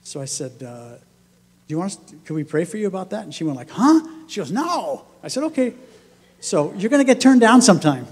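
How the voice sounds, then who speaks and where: A pastor delivering a sermon in a church, telling stories in a conversational way and acting out what people said. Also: male voice, sits high, big pitch swings, fast, a little mellow, slightly rough, big-room sound. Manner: conversational storytelling, acts out quoted voices, laughs often. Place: church sanctuary.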